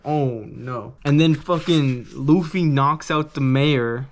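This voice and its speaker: A man's voice: medium pitch, slow, hardly any pauses. A young man casually reviewing a manga, rambling and swearing loosely in a laid-back way.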